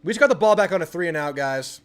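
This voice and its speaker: A young man with a fairly high voice hosts a live football watch party, talking casually through the game. He flips from relaxed chatter to excited yelling at the screen when his team makes a play. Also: fast talker. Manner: excitable, yells at the TV during big plays. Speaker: sports channel host.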